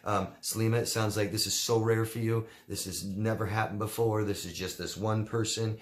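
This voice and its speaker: A man's voice: on the low side, steady tone, normal speed. A man coaching viewers in a casual Q&A monologue, blunt and emphatic, often repeating his key words for force. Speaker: relationship coach answering viewer questions.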